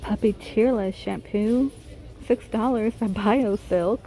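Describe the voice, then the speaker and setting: A woman's voice: medium pitch, takes it slowly, mellow. Chatty woman gushing over store finds. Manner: chatty, gushing over cute finds, reading prices aloud. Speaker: vlogger. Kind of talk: casual shop-with-me walkthrough. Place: inside a large retail store.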